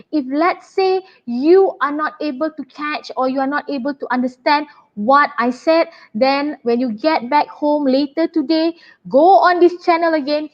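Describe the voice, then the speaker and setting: A woman teaching an online writing lesson, brisk and chatty as she talks to her pupils. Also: sits high, lo-fi sound. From Malaysia. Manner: brisk, chatty and apologetic, addressing pupils warmly. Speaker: English teacher.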